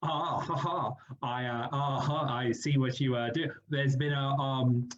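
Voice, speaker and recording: A man's voice: mid-range voice, fairly even intonation, a little slow, lo-fi sound, lightly acted. A man playing a nervous grown son who stammers through fillers in a live improv comedy scene. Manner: hesitant, full of stammers and fillers. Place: live stage show.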